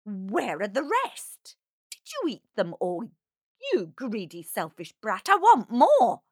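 A woman's voice: a little high, wildly swooping pitch, slow, dry recording, studio quality, heavily acted. A woman voicing a spiteful, greedy stepsister who screeches her demands in a storybook. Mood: screeching.

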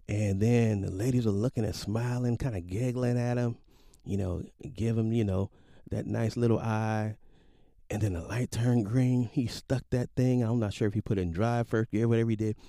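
A man in his late forties casually telling a personal story, animated and slangy, with sound effects. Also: lowish voice, dry recording, clean studio sound. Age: 40s. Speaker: podcast storyteller.

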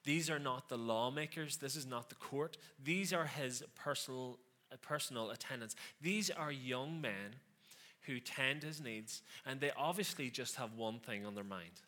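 A man's voice: medium pitch, moderate pace, bright, forceful tone. A man preaching a conversational sermon, with sarcastic asides and frequent questions to the listeners.

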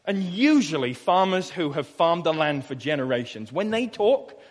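A man from Suffolk, England, preaching a sermon as pastor, reading scripture slowly and then explaining it in a chatty, anecdotal way. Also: fairly high pitch, sing-song, long reverb tail. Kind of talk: expository sermon. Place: church hall.

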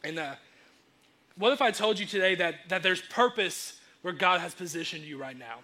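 Bright-voiced young man preaching casually. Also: high-pitched, normal speed. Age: young adult. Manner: casual, energetic, acts out quotes. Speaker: youth preacher. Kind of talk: sermon.

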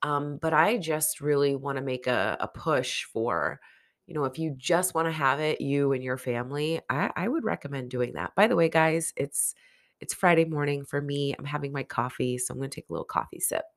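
Sniffly nasal woman, low voice. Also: animated, normal speed. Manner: candid, encouraging self-help talk. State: under the weather, sniffly. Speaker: podcast host. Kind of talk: casual solo podcast monologue.

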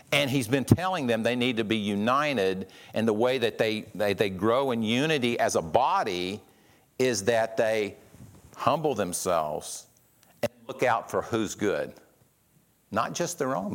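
Conversational male pastor preaching. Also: mid-range voice. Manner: conversational, acts out quotes with shifts in voice. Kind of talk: sermon.

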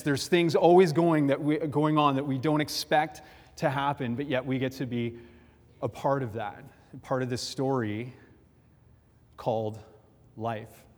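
A man preaching a sermon, telling a story with lively, animated delivery in a church hall. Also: mid-range voice. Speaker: pastor. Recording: long hall reverb.

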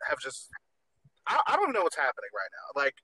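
A man's voice: medium pitch, wildly swooping pitch, fast talker, bright, forceful tone, breathy edge, poor audio. A man hosting a podcast in casual chat, campy and gossipy, swearing freely. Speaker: podcast host.

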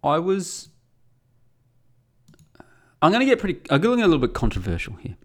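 A man's voice: on the high side, huge pitch swings, brisk. A middle-aged man, hosting a solo monologue in a blunt, combative and profane way. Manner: blunt, combative and profane, grows heated and loud.

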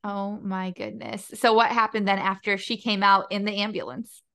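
A woman's voice: mid-range voice, level tone, normal speed, a bit bright. A woman hosting a podcast interview, reacting often and asking follow-up questions in casual chat. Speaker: podcast host.

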